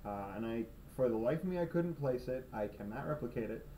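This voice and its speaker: A man's voice: mid-range voice, animated, brisk, warm tone, far from the mic, low-quality recording. A young man rambles through a sarcastic, self-mocking comic vlog monologue in his room at night. He sits a little back from a cheap camera's built-in mic, with faint room noise behind him. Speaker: video blogger.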